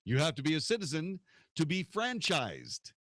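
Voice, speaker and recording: A man's voice: a little high, huge pitch swings, moderate pace, a bit bright, no room sound, studio quality. A man hosting a political talk radio show, arguing his points in a combative way and firing off rhetorical questions.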